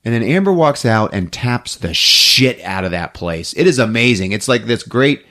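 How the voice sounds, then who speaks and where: Animated man recapping a movie. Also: mid-range voice, normal speed. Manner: animated, laughs often, acts out characters' lines. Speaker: podcast host.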